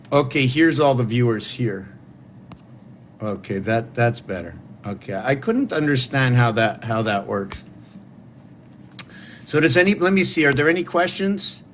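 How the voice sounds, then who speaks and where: A man with a mid-range, fairly bright voice hosts a solo livestream, with slight background noise. He muses aloud in a wandering, rambling way while talking to his viewers.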